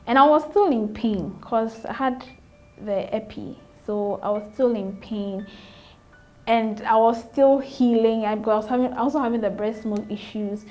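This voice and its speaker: Faint music plays behind a young Ghanaian-accented woman whose fairly high voice is unhurried and a little mellow. A new mother appearing as an interview guest, she earnestly shares her personal story, reenacting remembered conversations and repeating phrases.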